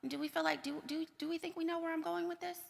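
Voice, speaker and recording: A woman giving a conference keynote talk, energetic, repeating points for emphasis and checking in with the audience. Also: very high voice, fast talker, creaky. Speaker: keynote speaker. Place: large conference hall. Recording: long hall reverb.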